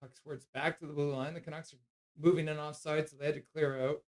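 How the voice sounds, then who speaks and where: A man hosting a live hockey stream, calling the play, reading chat and cooing at his dog in soft baby talk. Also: a little high, level tone, fast. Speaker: streamer host.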